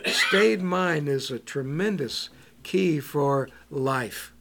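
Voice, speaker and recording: A man preaching a bible teaching, slow and halting, with many ums and repeated words. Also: a little high, creaky, a bit bright, slight background noise.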